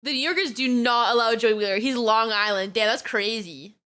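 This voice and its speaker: Giggly, bright-voiced woman streamer. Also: fairly high pitch, fairly quick, clean tone. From New York. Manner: giggly, rambling, lots of fillers. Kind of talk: casual reaction stream chat.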